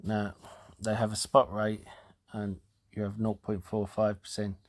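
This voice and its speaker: A man hosting a casual talk show, explaining things in a halting way with fillers and restarts, and sounding out of breath. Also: on the low side, completely flat delivery. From United Kingdom. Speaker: host.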